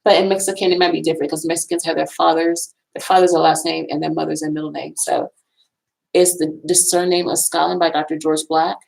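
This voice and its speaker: A woman's voice: sits low, flat delivery, a little fast, gravelly, darkish tone, rough recording. A woman vlogging casually from a college library, rambling and repeating herself as she shows off books. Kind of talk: casual talk showing books.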